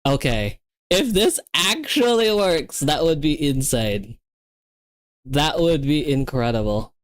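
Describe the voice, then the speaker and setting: A young woman streaming herself coding, talking excitedly and repeating herself as things work or fail. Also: sits low, takes it slowly, dry recording. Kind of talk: livestreamed coding session chat.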